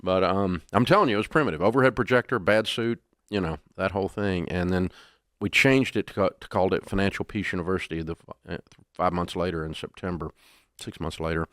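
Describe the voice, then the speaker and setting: Deep-voiced folksy man. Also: fast, no echo, studio quality. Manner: folksy, animated anecdotes. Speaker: guest. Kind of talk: casual interview storytelling.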